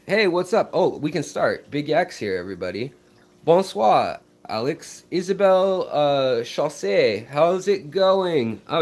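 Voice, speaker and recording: American guy on a fish live stream, kinda rambly, lots of ums, talks to chat in a middling voice. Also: mid-range voice. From United States. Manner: rambling, hesitant, many ums and restarts; reads and answers viewer chat messages. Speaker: fishkeeping live stream host.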